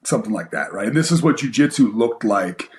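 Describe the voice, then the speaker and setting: A man's voice: on the low side, a little fast. Man telling a story in an echoey room. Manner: animated storyteller, acts out quoted voices, many fillers. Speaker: guest, MMA coach and former fighter. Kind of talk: casual storytelling interview.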